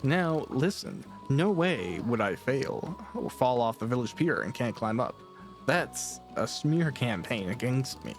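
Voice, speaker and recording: A man's voice: medium pitch, very animated, a little slow, faint music behind. Man voicing a bragging little masked creature. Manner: broken pidgin speech, exaggerating. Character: bragging tall-tale-telling small male masked creature.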